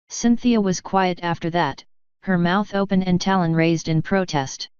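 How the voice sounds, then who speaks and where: A woman reading fan fiction aloud in an even, measured audiobook narration. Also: fairly low pitch, clear, resonant tone, no room sound, dull audio. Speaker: fanfiction reader.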